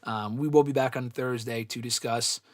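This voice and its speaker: A man's voice: medium pitch, fairly even intonation, moderate pace, no echo, clean studio sound. A man hosting a live-stream wrestling question show in a loose, giggly, casual way, reading out viewers' chat comments. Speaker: wrestling show host answering fan questions.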